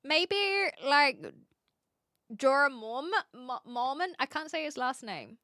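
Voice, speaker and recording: A woman chats loosely with her livestream audience, reading messages aloud and answering between ums and restarts. Her voice sits a little high, and the sound is dry and close with no room around it. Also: takes it slowly, bright, forceful tone, dry recording. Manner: chatty, reads chat aloud, frequent ums and restarts. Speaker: streamer. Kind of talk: casual livestream chat.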